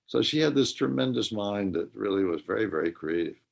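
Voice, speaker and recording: An older man speaking as an interview guest, hesitant and full of filler pauses. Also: on the low side, expressive, gravelly. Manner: hesitant, many filler pauses while recounting. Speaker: guest, dementia advocate. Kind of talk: radio interview talk.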